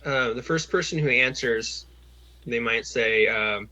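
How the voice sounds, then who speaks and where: A man's voice: medium pitch, fairly even intonation, a little slow, pushed and bright. A man working as a job coach, talking someone through a phone call in a patient, encouraging way with lots of fillers and restarts, over a video call.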